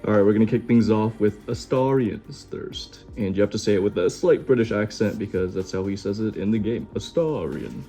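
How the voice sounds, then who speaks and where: A young man casually chatting as he hosts a card unboxing, relaxed and enthusiastic. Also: fairly low pitch, a little fast, hardly any pauses, soft background music. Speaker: card-opening host.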